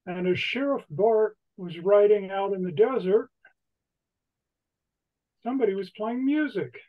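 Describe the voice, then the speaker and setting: A woman hosting an online trivia game, reading questions slowly and deliberately with a light laugh now and then. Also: mid-range voice, narrow, tinny audio. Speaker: trivia host.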